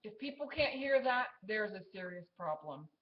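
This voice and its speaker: A woman's voice: mid-range voice, animated, normal speed, muffled recording, slight background noise. A woman vlogger preaching to her viewers in an emphatic, scolding way, full of fillers and restarts. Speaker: Christian vlogger. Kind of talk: preachy exhortation to camera.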